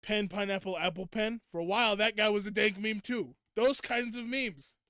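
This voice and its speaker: A young man with a fairly high, smooth voice chats casually while streaming a game. He rants at his viewers in playful, mock-indignant bursts. The sound is close and dry, with almost no room around it. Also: fairly even intonation, normal speed, bright, forceful tone, no echo. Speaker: gaming streamer. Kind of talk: casual live gameplay chat.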